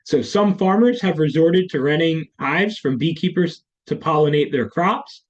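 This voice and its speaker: A man's voice: fairly high pitch, normal speed, muffled recording. A male test prep teacher explaining grammar questions in a recorded lesson, repeating key terms as he goes. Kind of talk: screen-recorded lesson walkthrough.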